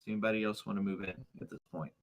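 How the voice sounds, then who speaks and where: A man narrating as game master of a tabletop game, hesitant with many pauses. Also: on the low side, little pitch movement, muffled recording, slight background noise. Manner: hesitant, full of ums.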